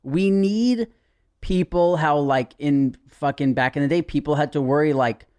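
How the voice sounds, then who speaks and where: A man's voice: a little high, a little slow, darkish tone. A man chatting as a podcast guest, ranting and mocking with plenty of swearing. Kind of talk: casual chat.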